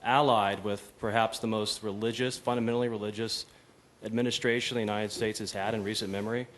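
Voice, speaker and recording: A low-voiced man presses a follow-up question from the audience. He stumbles over words but keeps pushing his point. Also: flat delivery, brisk, fairly bright tone. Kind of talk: question from the floor.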